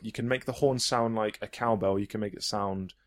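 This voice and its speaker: A man's voice: on the low side, fairly even intonation, brisk. A man chatting enthusiastically on a podcast, rambling with frequent restarts. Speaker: podcast host. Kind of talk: casual podcast chat.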